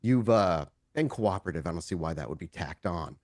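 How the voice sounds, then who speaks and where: A man voicing a weary, gruff male vampire hound who speaks low and terse. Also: animated, brisk, no room sound, studio quality.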